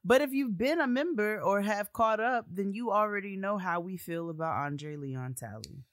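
A woman co-hosting a podcast in casual chat, animated and quick to laugh. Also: medium pitch, no room sound, studio quality. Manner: animated, laughs often, playful impressions. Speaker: podcast co-host.

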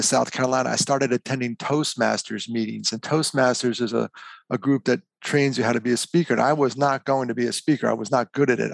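Gravelly-voiced male guest, candid storyteller. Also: medium pitch, dry recording. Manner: candid storyteller, self-deprecating. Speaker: guest speaker. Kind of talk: conversational interview.

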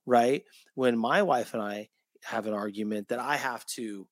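A middle-aged man hosting a conversation, talking reflectively and filling pauses with "you know". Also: mid-range voice, no room sound. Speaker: podcast host. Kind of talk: casual chat.

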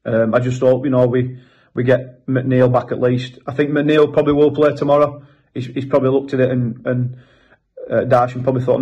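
A man's voice: mid-range voice, flat delivery, brisk, mellow, slightly rough. A man, a football fan, talking casually about an upcoming match with some hesitation. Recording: dull lo-fi recording.

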